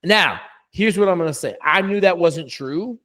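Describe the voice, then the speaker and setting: Man, coach, interview storytelling, blunt, profane, emphatic, slightly high pitch. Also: animated, normal speed, a bit bright.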